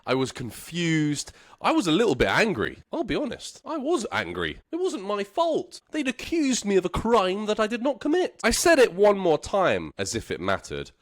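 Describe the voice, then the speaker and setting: An English teacher from London tells a story for learners, repeating phrases slowly and playfully. His pitch swings widely between high and low, and he stays animated throughout, breaking into laughs now and then.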